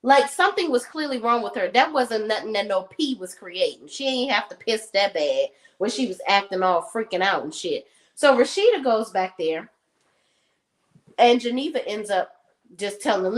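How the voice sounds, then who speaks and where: A woman's voice: medium pitch, moderate pace, low-quality recording. A woman casually recapping a TV episode on a streamed talk show, telling it with profanity and acting out the characters' lines. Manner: animated storytelling, acts out characters' lines. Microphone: remote stream setup.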